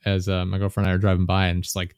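A man's voice: deep voice, completely flat delivery, racing, darkish tone, slight background noise. A young man, a podcast guest, chatting casually and telling rambling anecdotes with chuckles.

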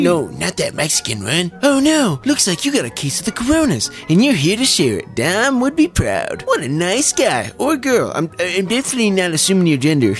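Man host, comedic rant, profane and exasperated. High, lively pitch. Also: moderate pace, few pauses, soft background music.

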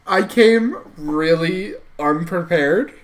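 A woman co-hosting a podcast, chatting in a laid-back, unhurried way. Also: on the low side. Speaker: podcast co-host. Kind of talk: casual podcast chat.

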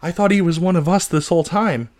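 A man's voice: high voice, fast talker. Joking man co-hosting a gossip podcast. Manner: animated, joking, prone to loud outbursts. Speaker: podcast co-host. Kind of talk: casual gossip chat.

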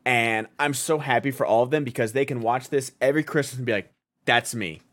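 A man co-hosting a podcast in casual chat, rambling and excited with lots of filler words. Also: mid-range voice, fast. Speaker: podcast co-host.

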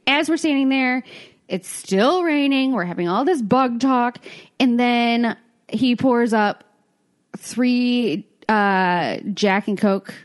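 A slightly high-pitched young woman talks slowly while co-hosting a podcast. Chatting casually, she tells a story with plenty of laughter, playing out what each person said in an animated way.

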